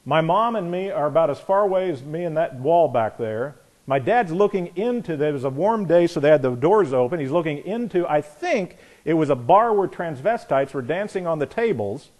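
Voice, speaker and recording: A man preaching a sermon, animated, telling stories and asking rhetorical questions. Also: a little high, normal speed, hardly any pauses. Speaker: pastor.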